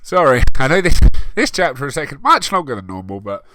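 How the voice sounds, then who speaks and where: A man's voice: mid-range voice, sing-song, brisk, pushed and bright, a little hiss or hum. A man giving a comedic reading of fan fiction, mocking it with sweary asides.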